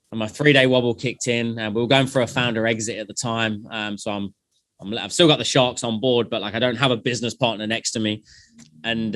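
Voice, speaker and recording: A man, a company founder, telling animated stories and acting out past conversations in a casual interview. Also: medium pitch, no room sound, clean studio sound.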